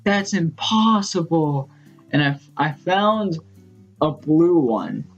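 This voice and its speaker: A man vlogging in a casual storytelling style, rambling and excitable, full of fillers. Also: fairly high pitch, slow, highs cut off, faint music behind. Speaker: gaming vlogger.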